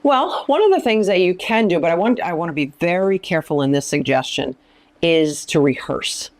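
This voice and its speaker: Emphatic woman with a lower voice. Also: lively intonation, normal speed, a little mellow. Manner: emphatic, repeats phrases, acts out quoted lines. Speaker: ministry founder and speaker. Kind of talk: teaching talk in an interview.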